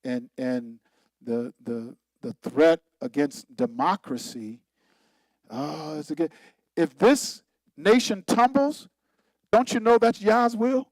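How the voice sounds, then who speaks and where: A man's voice: on the high side, slow, a little mellow, dry recording, poor audio. A man, a pastor, giving an informal Bible teaching in a conversational, emphatic way, repeating himself and laughing at his own points.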